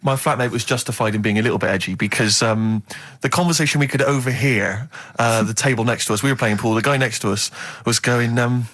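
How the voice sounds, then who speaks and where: A man in his thirties, a radio co-host telling an animated story in casual chat. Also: mid-range voice, brisk, few pauses. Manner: animated anecdote-telling with acted-out quotes.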